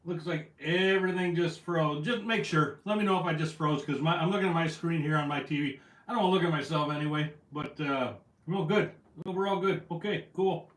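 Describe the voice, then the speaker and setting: A man's voice: a little high, fairly quick, fairly bright tone. A man hosting a casual fishing livestream from home, a little out of breath, greeting viewers by name. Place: at home indoors. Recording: roomy echo.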